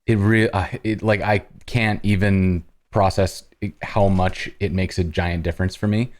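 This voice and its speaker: A man hosting a live-coding stream, casually talking through each step as he works, with halting restarts. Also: low-pitched, level tone, a little mellow.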